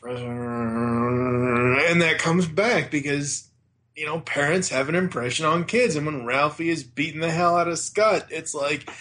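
A man's voice: fairly high pitch, unhurried, fairly bright tone. A man in his thirties co-hosting a casual chat, laid-back and chuckling. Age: 30s. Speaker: podcast co-host.

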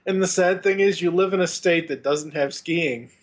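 A man's voice: a little high, normal speed, noisy background. A man co-hosting a podcast, chatting easily about a movie and teasing his friend. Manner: easygoing, teasing, laughs often. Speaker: podcast co-host. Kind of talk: casual movie-review chat.

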